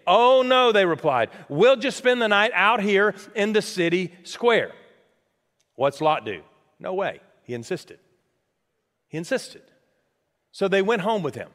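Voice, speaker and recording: Animated high-voiced preacher in reverberant hall. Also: male voice, measured pace. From United States. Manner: animated, questions the congregation. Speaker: pastor. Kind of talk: sermon.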